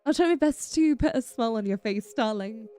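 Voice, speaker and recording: Bubbly high-voiced woman streamer. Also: lively intonation, brisk, dark tone, dry recording, faint music behind. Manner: affectionate, calls viewers darling, giggly. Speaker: VTuber streamer. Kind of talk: casual live-stream chat.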